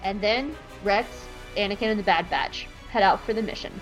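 A woman hosting a casual recap show, animated and playful, swearing freely. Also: mid-range voice, moderate pace, faint music behind, poor audio. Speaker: podcast host recapping an episode. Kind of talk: casual chat.

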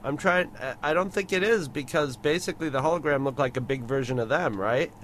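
A man chatting as a podcast co-host, enthusiastic but halting as he gathers his thoughts. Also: fairly high pitch, a bit bright. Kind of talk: casual chat.

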